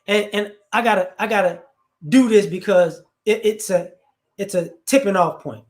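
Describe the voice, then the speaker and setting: A man from the United States who hosts a casual opinion talk with his live chat, animated and joking, with rambling asides. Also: high voice, normal speed. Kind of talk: casual commentary.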